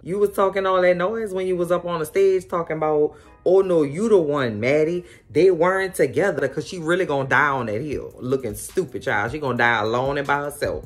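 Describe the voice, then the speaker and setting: A woman hosting a casual recap of a TV episode, telling it in a sassy, animated way full of exclamations. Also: sits low, a little fast, few pauses, soft background music. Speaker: host.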